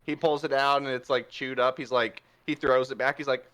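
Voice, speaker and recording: A man narrating a tabletop game as game master, telling the action in a playful, animated way. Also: mid-range voice, fairly quick, hardly any pauses, clean tone.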